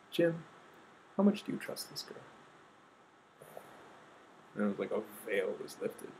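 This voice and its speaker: A man earnestly telling a personal story, acting out quotes and trailing off into soft asides. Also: fairly low pitch, creaky, a little hiss or hum, poor audio. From United States. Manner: earnest, quoting others with shifts of voice, trailing off softly.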